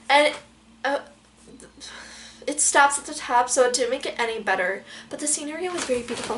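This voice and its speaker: A young woman vlogger telling a story in an animated way, full of fillers and dramatic quoted outbursts. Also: high voice, moderate pace, slight background noise. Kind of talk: storytelling vlog.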